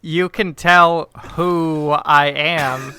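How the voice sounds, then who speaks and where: A man chimes in at the game table with quick wisecracks and banter. His voice is bright and slightly high, with a clean, ringing sound. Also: fairly even intonation, clean tone. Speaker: player. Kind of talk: playing a tabletop game on a podcast.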